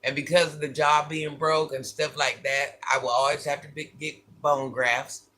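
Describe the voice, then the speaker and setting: A man's voice: on the high side, flat delivery, moderate pace, bright, forceful tone. A man vlogging, casually telling his viewers a personal story, candid and repeating phrases for emphasis.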